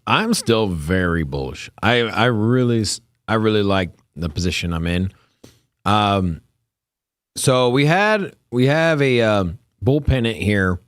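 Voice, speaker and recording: Slow, lively low-voiced man talking trades. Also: clean tone, no room sound, clean studio sound. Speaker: co-host trader.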